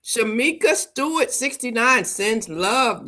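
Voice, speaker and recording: A woman's voice: fairly low pitch, moderate pace, fairly bright tone. A woman hosting a livestream talk show, energetically greeting viewers and hyping the audience. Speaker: host.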